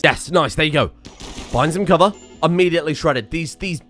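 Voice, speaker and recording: A man giving excitable let's play commentary on a strategy game, muttering one moment and shouting the next. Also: a little high, fairly quick, soft background music. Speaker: gameplay commentator.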